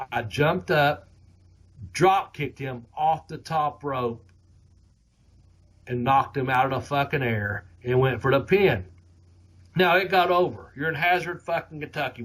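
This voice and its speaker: A man's voice: mid-range voice, a bit bright, husky. A middle-aged man hosting a podcast, telling rambling, heavily profane stories in a casual way. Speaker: podcast host. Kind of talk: casual storytelling.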